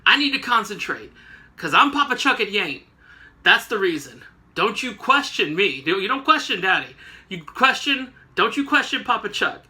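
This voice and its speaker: A man putting on a bossy, short-tempered older male mentor who snaps and yells, pitched higher than his own voice. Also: expressive, brisk, hardly any pauses, full character voice. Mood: angry snapping. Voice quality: snapping, yelling.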